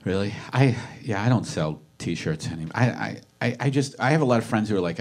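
Lively rambling comedian man. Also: on the low side, fairly quick, few pauses. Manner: rambling, self-deprecating, drops into sighing mock voices. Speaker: comedian podcast host. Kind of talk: casual chat. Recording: live stage, faint noise.

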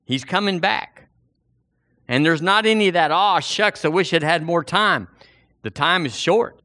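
A man preaching a sermon in a folksy, animated way, acting out the voices in the story. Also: fairly high pitch, measured pace. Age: 60s.

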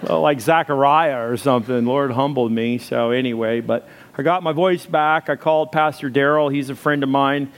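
A man's voice: mid-range voice, steady tone, moderate pace, hardly any pauses. A male pastor opening a church service in a chatty, joking, self-deprecating way, telling stories to the congregation. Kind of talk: sermon opening with casual storytelling.

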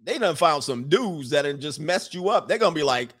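A man's voice: on the high side, animated, a little fast, a bit bright, breathy edge. A man hosting a casual livestream, teasing and boastful in tone, who laughs often as he talks. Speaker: YouTube livestream host.

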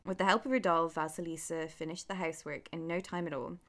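A woman reading a folk tale aloud, with relaxed, chatty asides. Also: low-pitched, fast. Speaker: storyteller.

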